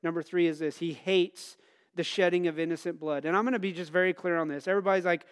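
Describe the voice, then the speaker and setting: High-voiced man preaching a sermon. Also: fairly even intonation, fast, clear, resonant tone. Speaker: pastor.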